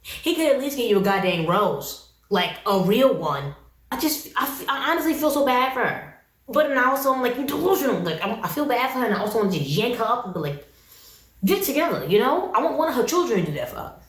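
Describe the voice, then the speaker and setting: Woman, sassy reality-show review vlog, lively pitch, slightly high voice, echoey room. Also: quick pace. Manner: sassy, animated, exclamatory. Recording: roomy echo.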